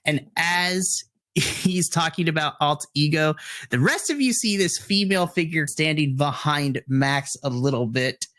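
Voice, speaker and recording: A game master running a tabletop game, explaining rules and describing scenes, laughing often. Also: male voice, a little high, lively intonation, unhurried, fairly bright tone.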